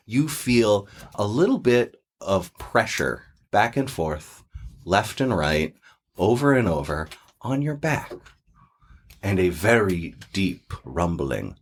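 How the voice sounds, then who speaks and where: A man's voice: lowish voice, very animated, takes it slowly. A man narrating a tabletop game as game master, in a loose, casual way with fillers.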